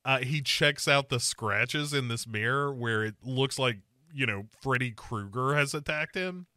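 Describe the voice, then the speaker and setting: Wry bright-voiced man recapping a movie. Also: mid-range voice, a little slow, dry recording, studio quality. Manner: wry, recaps plot with mock quotes. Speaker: podcast host. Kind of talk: casual movie review chat.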